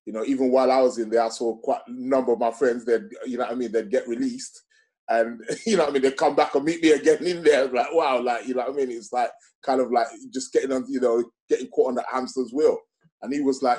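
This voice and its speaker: A man's voice: mid-range voice, steady tone, quick pace, darkish tone. A man, a guest telling a casual story, rambling with many fillers and restarts.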